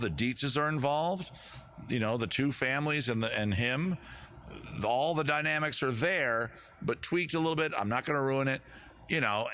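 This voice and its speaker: A man's voice: fairly high pitch, sharp tone, a little hiss or hum. A man hosting a casual livestream quiz, rambling with jokey, self-deprecating asides. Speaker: comedy show host running a quiz.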